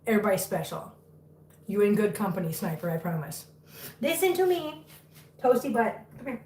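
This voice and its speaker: A woman's voice: medium pitch, fast, a little mellow, a little hiss or hum. A woman hosting a casual livestream from home, cooing baby talk to her cats between chatty updates to viewers. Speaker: cat rescue livestream host. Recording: echoey room, far from mic.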